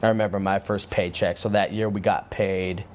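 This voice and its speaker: A man, a former pro football player, telling relaxed, rambling stories as an interview guest, with frequent restarts. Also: low voice, normal speed. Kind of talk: casual interview storytelling.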